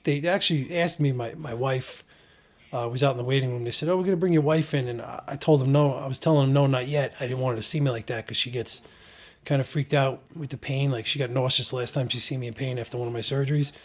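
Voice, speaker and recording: A man tells his story in a loose, conversational vlog style, full of ums, uhs and restarts. His pitch sits right in the middle for a man, and he keeps a casual, joking tone. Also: fast. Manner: relaxed, joking, frequent fillers and restarts. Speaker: vlogger recounting his surgery. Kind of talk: casual first-person storytelling.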